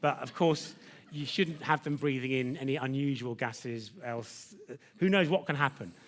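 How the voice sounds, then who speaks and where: A man's voice: mid-range voice, normal speed, a little hiss or hum. Jokey male science presenter. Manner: jokey, chatty, teasing his assistant. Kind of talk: live science demonstration lecture. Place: lecture theatre with audience.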